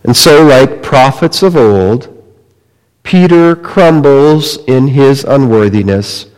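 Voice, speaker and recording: Slow-preaching man in an echoing hall. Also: medium pitch, animated, smooth. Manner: slow, dramatic storytelling with wide swings in loudness. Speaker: pastor. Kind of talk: sermon. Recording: long reverb of a large hall.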